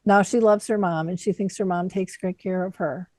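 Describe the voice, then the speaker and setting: A woman's voice: fairly low pitch, fairly even intonation, moderate pace, dry recording. A middle-aged woman hosts an interview, affirming her guest and telling stories about her own family. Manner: warm storytelling, affirming. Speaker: podcast host. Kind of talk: conversational interview.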